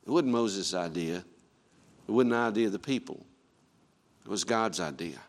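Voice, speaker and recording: Emphatic male preacher, swinging loud and soft. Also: on the low side, expressive, normal speed, in a large hall. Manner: emphatic, with rhetorical questions and swings from quiet to loud. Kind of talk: sermon.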